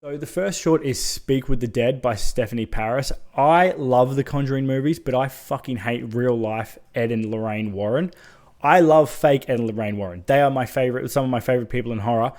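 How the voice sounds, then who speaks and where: Man, mid-pitch, casual horror reviewer, keen and profane, talks straight to camera. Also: fairly quick, a little mellow. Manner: enthusiastic, swears freely, chatty asides. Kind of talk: casual spoken film review.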